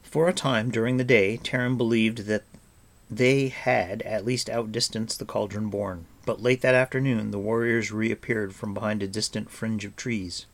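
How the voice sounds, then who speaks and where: A man reading a fantasy novel aloud as audiobook narrator, soft and even. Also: on the low side, moderate pace. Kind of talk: scripted narration.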